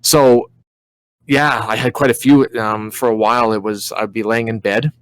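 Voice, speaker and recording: A man's voice: fairly low pitch, steady tone, normal speed, fairly bright tone, clean tone. A man under forty, a podcast co-host, telling his dream stories animatedly, swearing often and acting out his own reactions. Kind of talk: casual podcast chat.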